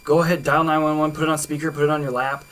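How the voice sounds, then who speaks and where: A man's voice: a little high, flat delivery, racing, fairly bright tone, a little hiss or hum. A man co-hosting a talk radio discussion, speaking emphatically and giving step-by-step instructions.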